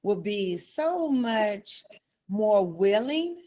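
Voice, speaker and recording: Enthusiastic woman host, unhurried. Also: mid-range voice, sing-song, dark tone. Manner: enthusiastic, acts out quotes. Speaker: podcast host. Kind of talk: podcast interview.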